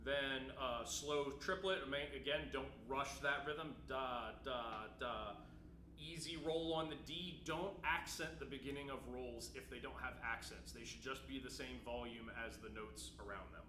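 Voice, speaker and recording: A man's voice: mid-range voice, fairly even intonation, normal speed, few pauses, pushed and bright. A man giving a patient timpani lesson, explaining technique and checking in with his students as he plays. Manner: patient, explanatory, frequent "right?" check-ins. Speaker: percussion teacher. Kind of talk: instrument lesson demonstration. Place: room with timpani, roomy echo. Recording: roomy echo, faint noise.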